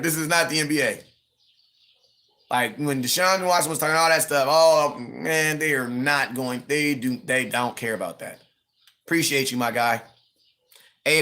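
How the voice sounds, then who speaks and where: A man in his thirties hosting a live stream, ranting casually about sports, animated and mocking, with quick impressions and frequent laughs. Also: on the high side. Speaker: livestream host.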